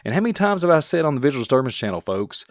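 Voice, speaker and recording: A man's voice: mid-range voice, very fast, dry recording. Guy doing his podcast, all fired up and folksy, dry sound, mid voice. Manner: animated, folksy, talks straight to the audience. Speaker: podcast host. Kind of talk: excited conspiracy podcast commentary.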